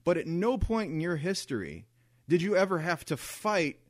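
A man co-hosting a podcast in casual chat, rambling and restarting his sentences, getting animated when he argues a point. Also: on the high side, moderate pace, no room sound, studio quality. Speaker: podcast co-host.

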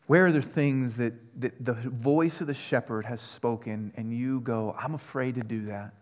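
A man preaching a sermon, earnest, moving from quiet questions to loud, emphatic passages. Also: mid-range voice, fairly even intonation, moderate pace. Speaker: pastor.

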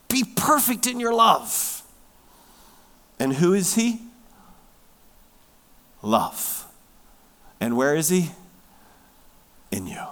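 A man preaching a sermon, emphatic, swinging from loud stressed words down to hushed near-whispers. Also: on the high side, very animated, extremely slow, long pauses. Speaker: pastor.

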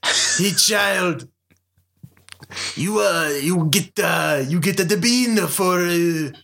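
A man voicing a grumpy grown-up storyteller with a put-on Japanese accent, telling a tale in halting bursts full of fillers. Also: high voice, creaky, bright, forceful tone, heavily acted. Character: grumpy adult male storyteller.

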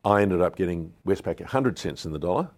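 A fast-talking, animated man with a low, darkish voice: an Australian business founder in his sixties. During a storytelling interview he gives candid anecdotes, voicing the people he quotes.

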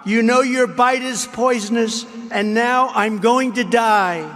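A man's voice: extremely high pitch, fairly even intonation, slow pace, a bit bright, voice pushed up, exaggerated voice. A man reading out a tender-hearted woman's lines in plaintive exclamations. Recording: reverberant hall.

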